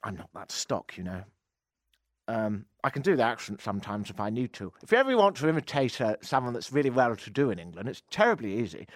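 A man's voice: medium pitch, sing-song, fairly quick, no echo. A man hosting a radio talk show from a studio mic, reading odd news stories and cutting in with sarcastic, jokey asides. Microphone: studio microphone.

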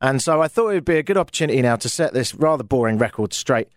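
A man's voice: mid-range voice, lively intonation, fast talker, dry recording, studio quality. A young British man hosting a radio show, chatting casually and jokily straight to his listeners. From Britain. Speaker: radio host.

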